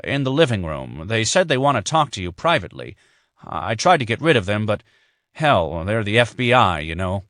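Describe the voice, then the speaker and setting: A man voicing a worried, protective older father who speaks in an anxious, halting way. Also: fairly low pitch, very animated, fairly bright tone, no echo, studio quality. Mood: gruff.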